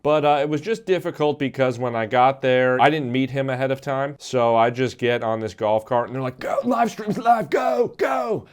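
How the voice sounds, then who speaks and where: A man's voice: medium pitch, fairly even intonation, a little fast, hardly any pauses, smooth. Wry self-deprecating man telling a story. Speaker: comedian. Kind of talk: casual comedic storytelling.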